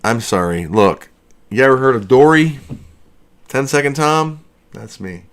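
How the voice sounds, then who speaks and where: A man's voice: medium pitch, lively intonation, unhurried. A man hosting a casual livestream from his basement studio, rambling and joking as he answers chat questions. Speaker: livestream host.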